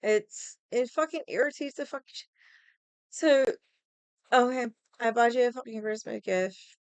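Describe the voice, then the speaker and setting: A young adult woman with a smooth voice on the high side rants casually and unhurriedly to her stream. She's exasperated and profane, mocking other people by imitating their voices. The recording has no room sound.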